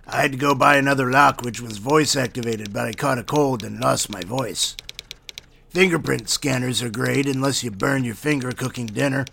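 A man reading a short first-person story aloud in a steady, matter-of-fact way. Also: mid-range voice, gravelly, a little hiss or hum. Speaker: story reader.

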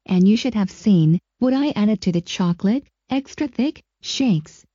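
A text-to-speech woman's voice reading a short first-person story in an even, measured way, lo-fi and dull. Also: mid-range voice, a little hiss or hum.

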